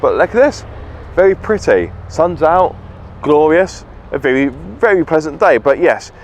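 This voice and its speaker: A man, hosting a car vlog in casual, deadpan joking chat. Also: a little high, measured pace, slight background noise. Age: 30s. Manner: playful, deadpan joking, stumbles over words. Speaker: vlog host. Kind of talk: casual chat while driving and on location. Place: small car on the road, then outdoors by the sea.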